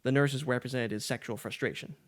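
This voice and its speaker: Fast-talking man on a podcast. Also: medium pitch. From San Diego area, California. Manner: rambling, quick and joking, with quoted voices. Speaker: podcast co-host. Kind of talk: casual chat.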